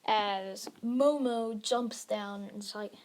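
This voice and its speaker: A woman's voice: medium pitch, steady tone, takes it slowly, darkish tone, slight background noise. A woman narrating an improvised fan-fiction story, rambling along with frequent restarts. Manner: rambling, with many restarts and fillers.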